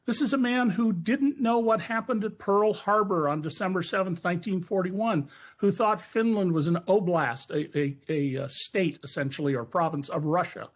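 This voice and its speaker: A man from the United States joins a live news debate as a guest. His voice sits a little high, and he talks bluntly and critically, pausing often on filler words. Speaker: political commentator guest.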